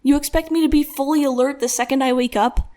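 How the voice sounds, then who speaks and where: A woman's voice: sits high, fairly even intonation, fast, warm tone, voice pushed up, close to an everyday voice. A woman voicing a groggy, whiny young man who sounds incredulous, in an audiobook.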